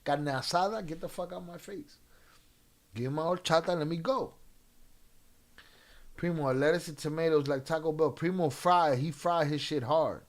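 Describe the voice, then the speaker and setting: Casually chatting on his live stream, a man reads through chat with loose profanity and bits of Spanish slang. He has a fairly high voice, a moderate pace, and pauses often.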